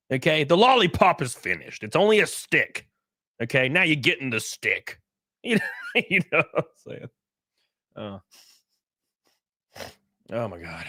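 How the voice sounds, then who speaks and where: A man's voice: on the high side, fairly bright tone, no echo, clean studio sound. A man from California hosting a casual livestream, reading chat and reacting, swearing often and laughing a lot. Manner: profane, laughing, acts out other people's voices. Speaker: livestream host.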